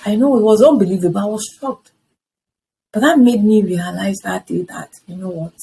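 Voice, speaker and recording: A woman's voice: mid-range voice, normal speed, creaky, husky, poor audio. A woman in her fifties telling her personal story in an interview, acting out the conversations she had along the way. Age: 50s. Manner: animated storytelling that acts out past conversations. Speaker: interview guest.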